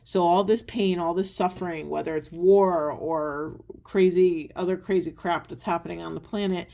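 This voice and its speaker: Woman, spiritual card reader, soft earnest rambling delivery, lowish mellow voice. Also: fairly even intonation, normal speed, gravelly. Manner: soft, earnest, meandering with many ums. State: tearful at times. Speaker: tarot and oracle reader. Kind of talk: spiritual card reading monologue.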